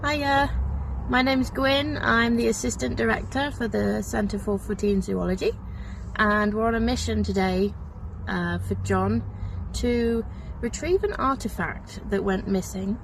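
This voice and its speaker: Gravelly Devon woman, chatty and slow. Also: on the high side, rough recording. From Devon, England. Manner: chatty, giggly, playful. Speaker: assistant director of a research group. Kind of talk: casual video message. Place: outdoors at a motorway service station. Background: faint traffic noise.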